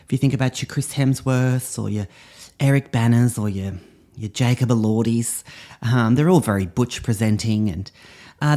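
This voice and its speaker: A man's voice: medium pitch, a little mellow. A middle-aged man with an Australian accent, playing a drama teacher in a scripted comedy monologue, with a theatrical, pompous, affected delivery.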